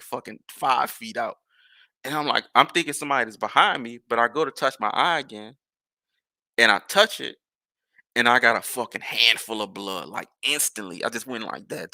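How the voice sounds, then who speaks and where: A man's voice: medium pitch, bright, forceful tone, no room sound. A man, a podcast host telling a rambling, profane story in casual talk. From New Orleans.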